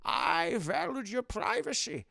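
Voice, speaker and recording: A man's voice: high-pitched, sing-song, a little slow, creaky, sharp tone, no echo, clean studio sound, full character voice. A man impersonating a stern older father who lectures his grown son. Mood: lecturing. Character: gruff scolding older father, Connery impression.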